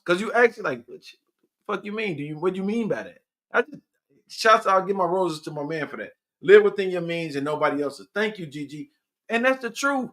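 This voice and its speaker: A podcast host man talking in a casual, profane and preachy way, with sudden loud outbursts. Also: fairly high pitch. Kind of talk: casual live podcast chat.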